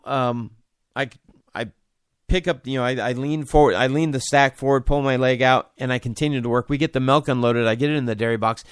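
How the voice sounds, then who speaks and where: A man's voice: mid-range voice, clear, resonant tone, no room sound, studio quality. A man in his forties, a podcast host, telling a personal story with many restarts and fillers.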